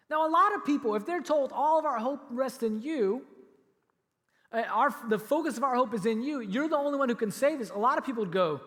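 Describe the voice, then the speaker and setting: A man preaching a sermon as pastor, telling a story in an animated way and acting out what the people in it say. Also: sits high, normal speed. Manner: animated storytelling, acts out quoted lines. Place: church auditorium. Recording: reverberant church hall.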